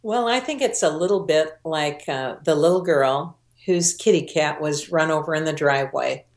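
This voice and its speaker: An older woman telling personal faith stories as a guest in an interview, earnest and emotional, slowing down for emphasis. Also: sits low. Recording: roomy echo.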